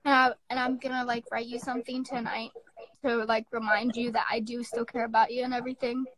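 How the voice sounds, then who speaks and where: A young woman in her teens giving a halting, tearful apology on a phone live stream, full of fillers and restarts. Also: on the high side, level tone, a bit bright, rough recording. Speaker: livestreamer.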